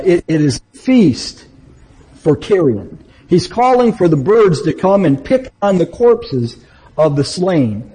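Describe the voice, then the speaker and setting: A man's voice: on the high side, dark tone, breathy edge, rough recording. A man teaching verse by verse through a Bible book, reading passages aloud and then explaining them, often restarting his sentences.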